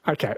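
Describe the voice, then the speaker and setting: A New man hosting a radio quiz, chatty and quick to laugh as he reads listener texts. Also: bright, forceful tone, no echo. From New Zealand. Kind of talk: casual radio chat. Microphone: studio microphone.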